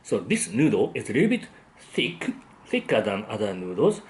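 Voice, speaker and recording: This man hosts a food vlog, sampling his dinner with plenty of pleased hums as he chats casually about the taste. He has a lowish voice whose pitch swoops wildly, delivered at a normal speed.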